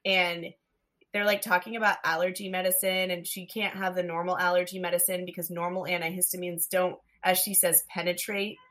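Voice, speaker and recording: A woman's voice: lowish voice, little pitch movement, fairly quick, a bit bright. A woman co-hosting a podcast, talking through a film scene by scene in a chatty way, full of "like". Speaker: podcast co-host. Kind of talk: casual movie chat.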